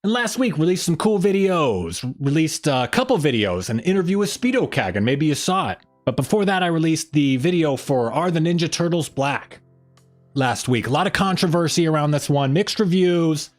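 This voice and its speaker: Man with a lively, swooping voice. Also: a little high, moderate pace, soft background music. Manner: rambling, greets viewers in the chat by name. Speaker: livestream host. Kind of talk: casual livestream chat.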